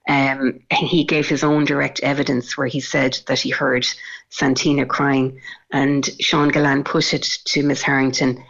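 A woman reporting live from a court case, her delivery level and even with a gravelly edge. She recounts events steadily and pauses on ums. The sound is dull and lo-fi. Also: very deep voice.

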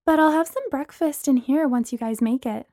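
A woman's voice: high-pitched, moderate pace, no room sound, clean studio sound, voice pushed up. A woman voicing a sick, tired young woman speaking weakly in a read-aloud story. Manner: weak, quiet.

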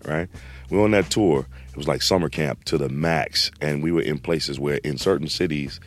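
Very deep-voiced man telling a story. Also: moderate pace, faint music behind. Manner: animated, slangy, acts out quotes. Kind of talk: casual storytelling.

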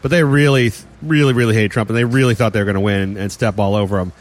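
In casual podcast banter, a man jokes and rambles quickly, laughing frequently and using plenty of fillers. His voice is fairly low in pitch with a steady tone.

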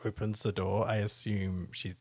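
Husky, dry-sounding wry podcast co-host. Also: low voice, level tone, normal speed, a little mellow, no room sound. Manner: wry, rambling, trailing recap with fillers. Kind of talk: casual chat reviewing a book.

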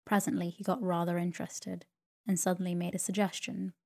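A woman narrating a sleep story in a slow, soothing reading voice. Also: on the low side, little pitch movement, creaky, a little mellow.

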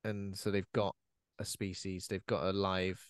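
A man's voice: low voice, level tone, unhurried, clean tone, no room sound. Chill podcast guy, dry close sound, trails off a lot. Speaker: podcast co-host. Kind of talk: casual chat recapping a film.

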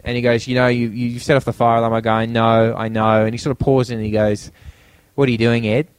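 A man's voice: mid-range voice, fairly even intonation, fairly quick, no echo. A man, a podcast guest and filmmaker, telling a story in casual chat and acting out the quotes.

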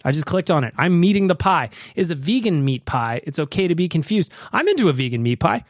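A man's voice: on the high side, big pitch swings, brisk, hardly any pauses, no room sound, clean studio sound. A man hosting a podcast, ranting with profanity and reading sponsor plugs. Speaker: podcast host.

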